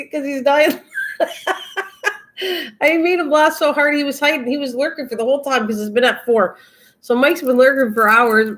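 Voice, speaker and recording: A woman's voice: fairly high pitch, a bit bright. Chatty older woman, rambling and laughing. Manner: talks directly to chat viewers by name. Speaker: craft livestream host. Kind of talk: casual livestream chat.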